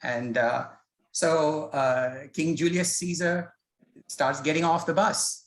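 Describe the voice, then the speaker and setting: A man with a fairly high voice speaks slowly and with fairly even intonation while leading a self-recorded scripture study session. He explains in a hesitant, conversational manner, telling stories along the way as in an informal spoken lecture. The sound is reverberant and low in quality.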